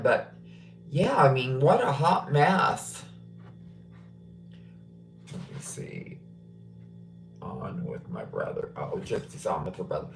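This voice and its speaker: A middle-aged truck driver ranting casually on a livestream, blunt and profane, with a lot of opinions about the trucking business. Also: male voice, medium pitch. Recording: roomy sound from a distance off mic.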